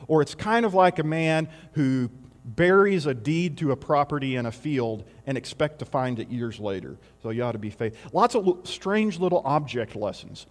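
A man's voice: medium pitch, lively intonation, normal speed, long reverb tail. A man preaching a sermon in a conversational way, asking rhetorical questions and adding wry asides.

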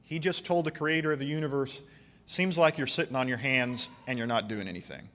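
A man preaching a sermon in a church, reading scripture aloud with passionate, slowed emphasis. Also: medium pitch, fairly bright tone, in a large hall. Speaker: pastor.

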